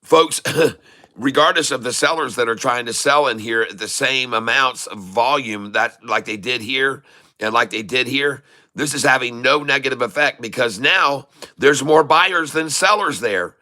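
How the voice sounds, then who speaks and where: A middle-aged man hosting live day-trading commentary, excitable and folksy, repeating phrases for emphasis. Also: mid-range voice, a little slow. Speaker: day trader host.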